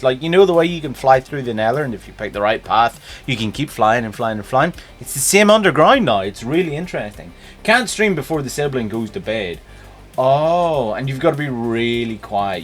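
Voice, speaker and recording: A man's voice: medium pitch, animated, moderate pace. A man with a Northern Irish accent hosting a live stream, chatting casually and greeting viewers by name. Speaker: streamer host.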